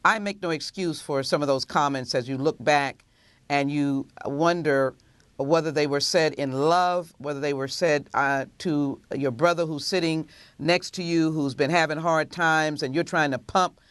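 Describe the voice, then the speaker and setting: A woman legislator gives a measured television interview answer, pausing often to gather her words. Her voice is recorded close and dry, with no room sound at all. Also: sits low, no echo. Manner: measured, many filler pauses. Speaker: congresswoman.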